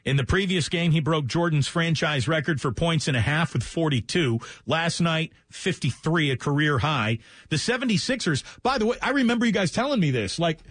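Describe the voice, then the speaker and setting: Brisk, chatty sports radio host man. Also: fairly high pitch, lively intonation, a bit bright, no echo, studio quality. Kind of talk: sports radio talk and scores rundown. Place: radio studio.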